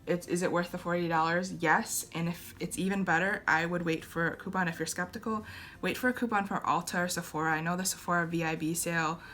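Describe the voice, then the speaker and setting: A woman's voice: on the low side, steady tone, fast talker, fairly bright tone. A young woman chatting casually through a makeup review, hesitant, with many fillers and restarts. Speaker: beauty vlogger.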